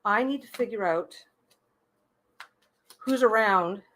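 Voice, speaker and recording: A woman's voice: medium pitch, slow, fairly bright tone. A woman reading tarot cards on a casual live stream. She gives chatty, reassuring advice, often restarting and repeating her phrases.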